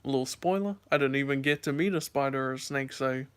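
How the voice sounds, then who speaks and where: Young male vlogger, casual rambling chat, smooth clear tone. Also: a little fast. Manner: rambling storyteller, lots of "like" and "um"; voice jumps high and squeaky when acting out scares.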